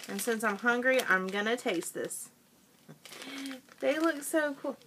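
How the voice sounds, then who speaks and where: Woman vlogger, relaxed unhurried delivery, sharp bright tone, casual haul chatter while snacking. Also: a little high, slight background noise. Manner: chatty, eats and chews while talking. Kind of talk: casual product haul chat.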